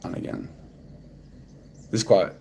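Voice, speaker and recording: Talking a little slowly against background noise, a man with a Manchester accent from Manchester, England, hangs out on a casual livestream. He answers his chat with dry sarcasm, staying laid-back and cursing offhandedly.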